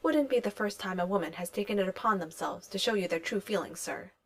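A formal, dry-witted male AI butler, deferential with a quiet needling edge, as a woman reads him aloud in a storybook-style audiobook. Mid-pitched and plainly spoken. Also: fast, natural voice. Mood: dry, polite. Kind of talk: audiobook reading of fan fiction.

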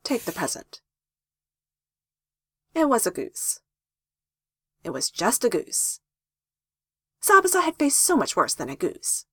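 A woman narrating a fanfiction story with lively, playful emphasis. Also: on the high side, a little slow, pauses often, slightly rough, dry recording, clean studio sound. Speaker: fanfiction reader.

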